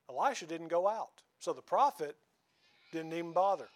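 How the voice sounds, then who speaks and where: A man's voice: on the high side, lively intonation, normal speed. Folksy preacher, man. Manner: folksy, conversational, asks the congregation questions. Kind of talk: sermon.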